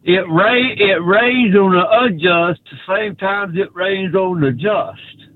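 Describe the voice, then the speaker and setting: Southern male caller, high-pitched and halting, over a tinny phone line, dry sound. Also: no echo. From Texas. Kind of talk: phone-in question.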